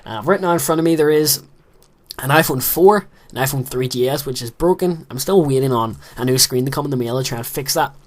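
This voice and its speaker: Self-deprecating and rambling, a late-teen gaming commentator talks through his game in a medium-pitched voice at a fairly quick pace. It's casual gameplay commentary, captured in a small closet room.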